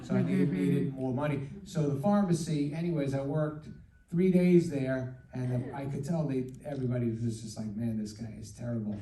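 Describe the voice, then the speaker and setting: A man answering interview questions in a rambling, halting way, often repeating his words as he tells a story. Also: medium pitch, dark tone. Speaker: guest. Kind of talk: casual interview anecdote. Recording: roomy echo, distant mic.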